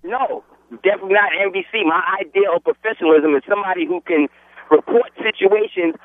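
A man's voice: high voice, fast talker, no echo. A man with a New York accent calling into a radio show, defensive and argumentative. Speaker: caller. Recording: tinny phone line into radio.

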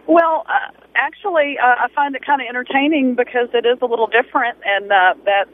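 A man's voice: very high-pitched, steady tone, a little fast, a little hiss or hum. A man with a Texan accent calling in to a radio show, speaking politely and hesitantly with many fillers. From Texas. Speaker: radio caller. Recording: tinny phone line.

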